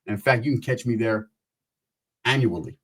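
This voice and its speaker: A man telling a profane comic anecdote in an animated way, often tossing in a quick question to the listener. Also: on the low side. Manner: profane, animated, keeps asking "right?". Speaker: storyteller.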